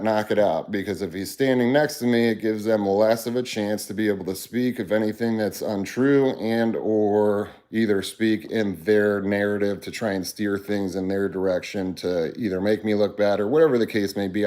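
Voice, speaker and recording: A man's voice: lowish voice, mellow. A man hosting a casual livestream, talking bluntly and earnestly to his viewers and rambling through restarts. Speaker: livestream host.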